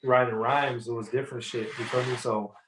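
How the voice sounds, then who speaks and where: A man's voice: medium pitch, steady tone, brisk, noisy background. Rambling man telling a story with slang. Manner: loose, rambling, heavy slang and fillers. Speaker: rapper guest. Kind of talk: casual interview storytelling.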